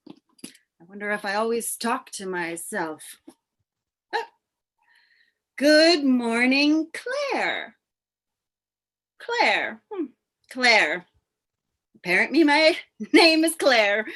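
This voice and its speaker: A woman playing a chirpy, high-pitched amnesiac. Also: heavily acted. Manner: bright, wondering, animated. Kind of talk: live play reading over video call. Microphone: video call.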